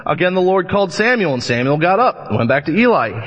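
A man's voice: high-pitched, fast talker. Man preaching in a reverberant church. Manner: animated storytelling, acts out voices in anecdotes. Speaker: pastor. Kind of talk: sermon. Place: church sanctuary. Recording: long church reverb, dull lo-fi sound.

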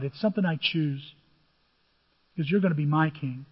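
An older male pastor preaches in a husky, high-pitched voice, telling stories with acted-out dialogue. The audio is dull and muffled, and a long reverb hangs on every word as if he were in a large church hall. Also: normal speed. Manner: conversational storytelling, acts out biblical dialogue. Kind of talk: sermon.

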